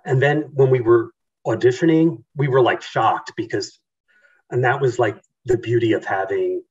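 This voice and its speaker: A male author talking in an interview, halting, with many fillers and restarts. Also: mid-range voice, husky, distant mic, lo-fi sound. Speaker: author guest. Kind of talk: casual interview talk.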